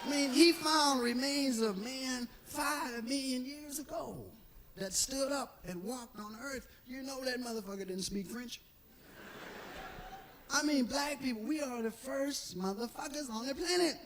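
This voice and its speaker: A man doing stand-up, telling stories in an animated, profane way and acting out the people in them. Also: extremely high pitch, unhurried, a crowd in the background, noisy background. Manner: animated, profane, acts out characters. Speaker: stand-up comedian. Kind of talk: stand-up storytelling.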